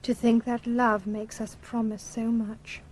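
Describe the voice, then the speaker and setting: A woman's voice: on the high side, level tone, unhurried, darkish tone, a little hiss or hum, lightly acted, poor audio. A woman playing Celia, a loyal young sweetheart. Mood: tender. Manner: tender, then firm and defiant. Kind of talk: 1970s radio drama acting.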